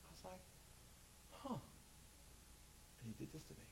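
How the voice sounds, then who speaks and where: A man preaching a sermon as pastor, animated and joking, acting out quotes. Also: fairly high pitch, racing, creaky, very noisy.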